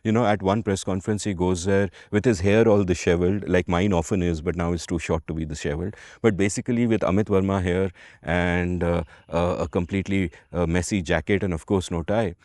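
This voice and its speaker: A low-voiced man with an Indian English accent rambles through a story in a relaxed podcast chat. He is animated and digressive, with the odd curse and Hindi aside. The sound is dry and close. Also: fairly quick, no room sound. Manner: animated, digressive, swears casually, mixes in Hindi. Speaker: podcast co-host.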